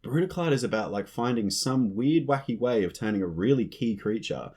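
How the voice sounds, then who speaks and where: A man co-hosting a podcast, talking in chatty, animated bursts with a laugh now and then. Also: mid-range voice, fairly quick, breathy edge. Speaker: podcast co-host. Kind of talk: casual chat.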